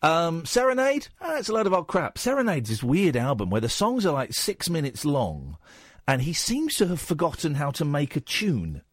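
A man hosting a late-night radio show, chatting in a rambling, self-mocking way that slips into a squeaky put-on voice. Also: very animated, moderate pace, no echo, clean studio sound.

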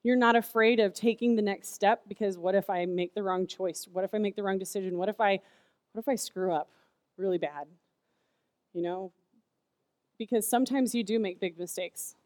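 A woman's voice: mid-range voice, moderate pace, dry recording. A woman in her thirties giving a casual, chatty sermon to kids, telling stories with lots of "like" fillers. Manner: chatty, animated storytelling with "like" fillers. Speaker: youth speaker.

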